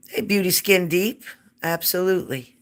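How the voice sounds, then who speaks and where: A woman's voice: extremely low pitch, a bit bright. A woman hosting a live psychic reading stream, chatting casually and greeting viewers by name.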